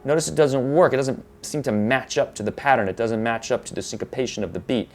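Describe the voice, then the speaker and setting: A man's voice: medium pitch, fast, a little mellow. A man teaching guitar, explaining rhythm patiently, counting beats aloud and now and then correcting himself. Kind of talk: guitar tutorial. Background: electric guitar playing.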